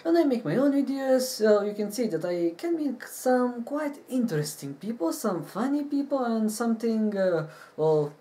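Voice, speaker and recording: A man hosting a casual chat, opening with a lively, playful intro and then asking teasing questions. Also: very high-pitched, normal speed, few pauses. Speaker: host.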